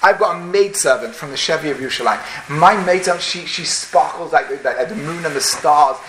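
A man doing a scheming slave trader, boastful and eager, in a bright, high voice. The space around him sounds roomy. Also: fairly quick, slight background noise. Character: one-upping male slave trader scheming for profit.

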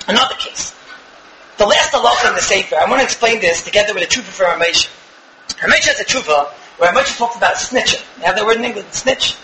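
A man with a high voice rattles through a religious lecture at a brisk clip. He hammers points with rhetorical questions. The sound is echoey, with steady background noise. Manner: emphatic, rhetorical questions, acts out dialogues. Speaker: religious teacher. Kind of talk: Torah lecture.

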